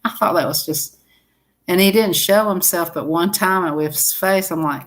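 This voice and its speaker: A woman's voice: fairly low pitch, steady tone, normal speed. A woman chatting casually to her live-stream viewers, rambling and laughing often.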